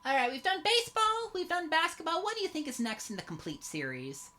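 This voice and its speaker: A woman's voice: very high voice, sing-song, brisk, pushed and bright. A woman co-hosting a retro game stream, teasing and swearing playfully in casual chat. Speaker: stream co-host. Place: home stream setup.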